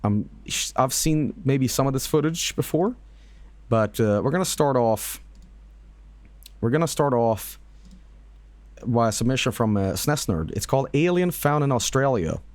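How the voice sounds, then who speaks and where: A man streaming, casually reacting to videos with lively laughs and swearing. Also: mid-range voice, unhurried, pauses often, no echo.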